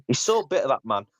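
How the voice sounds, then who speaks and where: A man's voice: mid-range voice, fairly bright tone, dry recording. A man hosting a casual football podcast, blunt and mocking as he rants. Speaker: podcast host.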